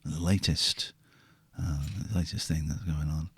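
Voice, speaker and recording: A middle-aged man, hosting a casual chat and talking in an animated, exclamatory way with plenty of swearing. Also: a bass voice, measured pace, a little hiss or hum. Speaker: host.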